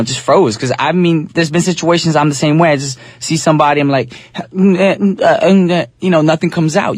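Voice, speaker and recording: A man's voice: on the high side, dry recording. A man from New Jersey hosting a casual radio show in an upbeat, slangy, talkative way, speaking into a studio microphone.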